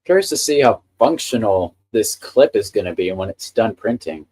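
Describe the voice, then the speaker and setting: Man, live stream host, low voice, mellow tone, chatty and enthusiastic. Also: animated, normal speed, husky. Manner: chatty, enthusiastic about 3D printing. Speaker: livestream host. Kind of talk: casual live stream chat.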